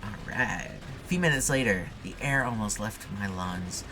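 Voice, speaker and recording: Guy reading a text game out loud, chatty asides, lowish voice, faint noise behind. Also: expressive, moderate pace. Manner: reads narration aloud with casual asides. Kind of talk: let's play reading and commentary.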